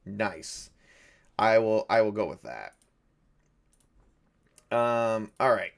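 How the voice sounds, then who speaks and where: Gravelly and lowish, this man's voice is very animated but slow. He's game master for a solo tabletop game, thinking aloud in a rambling fashion, correcting himself and laughing at his own jokes.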